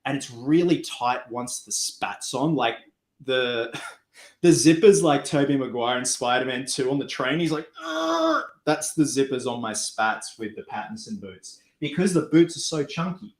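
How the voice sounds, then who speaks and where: A man's voice: medium pitch, moderate pace. An Australian man hosting a casual livestream, chatting loosely and thanking viewers for donations while crafting. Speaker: cosplay livestream host. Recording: echoey room.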